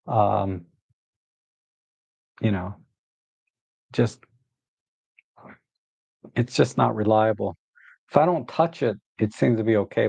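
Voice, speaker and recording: A man's voice: lowish voice, gravelly, darkish tone, slightly rough, no room sound. A man hosting a casual photography livestream, rambling with many fillers and restarts. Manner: rambling, many fillers and restarts, baby talk to his dog. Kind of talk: casual live-stream chat.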